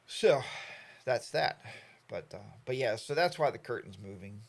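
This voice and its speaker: A man's voice: mid-range voice, animated, moderate pace. Chatty middle-aged man on a live stream. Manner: rambling, chatty, reads viewer comments aloud. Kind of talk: casual live-stream chat.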